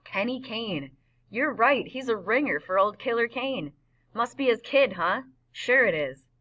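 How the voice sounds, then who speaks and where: Woman voicing a menacing biker gang boss, curt threats, bright tone, dull lo-fi sound. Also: a little high, expressive, measured pace, distant mic, voice pushed up.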